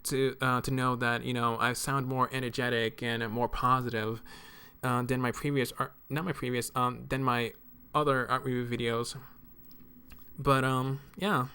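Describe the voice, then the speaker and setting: A man speaks quietly in a casual, rambling monologue from his apartment, keeping his voice down. His tone is bright and crisp, and he stumbles often, filling pauses with ums and uhs. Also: mid-range voice, level tone. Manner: speaks softly to keep quiet at home; halting, with many fillers and stumbles. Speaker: art video creator. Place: apartment room at home.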